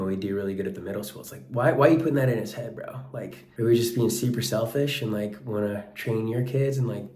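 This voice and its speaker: Casual low-voiced man in an echoey room. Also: darkish tone. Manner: casual, peppered with "like" and "bro", earnest. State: sweaty after a workout. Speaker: wrestling coach and life coach. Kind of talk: casual vlog monologue.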